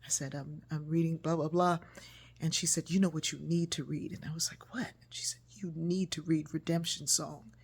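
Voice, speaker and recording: A woman author telling a personal story in a casual, animated way, acting out the voices she quotes. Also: sits low, moderate pace, husky.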